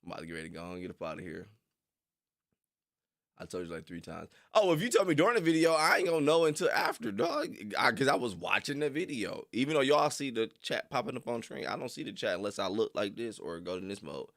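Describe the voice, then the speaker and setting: Laughing young man, lively gravelly voice. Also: fast talker. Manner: loose, laughs often, slangy, jumps into high squeals. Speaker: streamer reacting to videos. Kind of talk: casual chat with live viewers.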